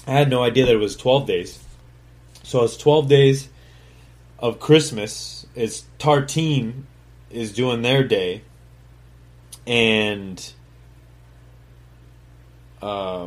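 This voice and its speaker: This talk show host speaks slowly at a medium pitch, pausing often as he loosely recounts his own life. He curses freely, leans on fillers, does voices for the people he quotes, and sinks into a mumble for side remarks in this casual storytelling monologue.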